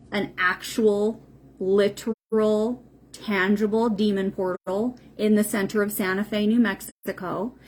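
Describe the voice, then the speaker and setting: Slight background noise accompanies a mid-range female voice. She hosts a spiritual livestream, speaking unscripted and plainly, cursing freely and repeating words for emphasis.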